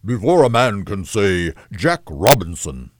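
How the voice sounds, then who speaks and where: A man's voice: very animated, measured pace, no echo, clean studio sound. A man doing a jovial old merchant. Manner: hearty, booming calls. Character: jovial, plump old male employer.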